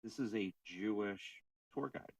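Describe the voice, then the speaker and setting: A man co-hosting a casual podcast about faith, telling stories with animated retelling of what others said. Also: fairly low pitch, unhurried, gravelly, breathy edge, no room sound, distant mic, poor audio. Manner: storytelling, animated retelling of quotes. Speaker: podcast co-host.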